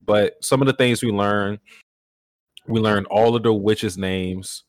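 A man co-hosting a podcast in casual chat, measured and to the point. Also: fairly low pitch, fairly even intonation, no room sound. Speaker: podcast co-host.

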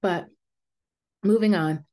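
A woman hosting her own podcast, talking candidly and reflectively in a casual way, with fillers and soft laughs. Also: mid-range voice, slow. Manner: calming voice for guided meditations. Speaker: podcast host. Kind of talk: casual personal podcast talk.

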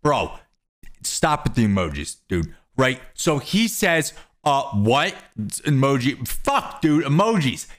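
A young man ranting in a commentary vlog, profane, excitable and mocking, addressing his viewers as bros. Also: mid-range voice, takes it slowly. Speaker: YouTube commentator.

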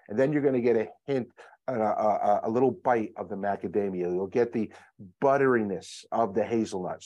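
A man, a chocolate brand executive, telling stories as a guest in a casual interview, energetic and salesy with lots of fillers. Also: fairly low pitch. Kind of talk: animated storytelling, casual interview.

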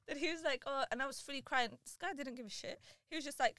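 Young girl, high voice, dry close sound, slangy and animated. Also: fast, hardly any pauses, dry recording. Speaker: storyteller in group chat. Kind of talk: casual chat.

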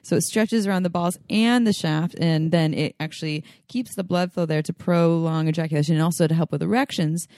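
A woman's voice: low voice, steady tone, fairly quick, hardly any pauses, darkish tone, dry recording, studio quality. A woman co-hosting a podcast, chatting casually and explaining things in a frank, matter-of-fact way. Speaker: podcast co-host. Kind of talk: casual chat.

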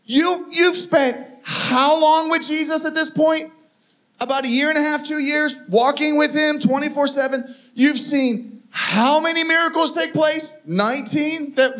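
A man preaching a lively sermon, his voice sitting high for a man. He tells stories, acts out the voices of the people in them and laughs often as he goes. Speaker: pastor.

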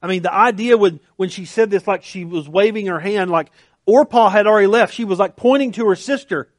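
A man's voice: high voice, a little fast, no echo, studio quality. A man preaching a sermon in an earnest, conversational way, often restarting his sentences. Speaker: pastor.

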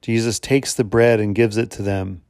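A man hosting a faith podcast as a former chaplain, retelling a scripture story in an earnest, measured sermon style with rhetorical questions. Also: lowish voice, steady tone, a little mellow, smooth, dry recording, clean studio sound. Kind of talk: reflective spoken sermon.

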